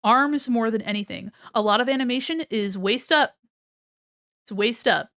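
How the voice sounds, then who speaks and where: A woman's voice: on the high side, moderate pace, a bit bright. A woman live-streaming art critiques in a casual, chatty way. She swears casually and reads chat aloud as she draws.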